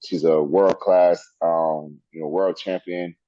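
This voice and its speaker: A middle-aged man, a wrestler guest in an interview, telling animated stories and laughing often. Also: low voice, takes it slowly, no echo. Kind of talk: storytelling interview. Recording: dull lo-fi sound.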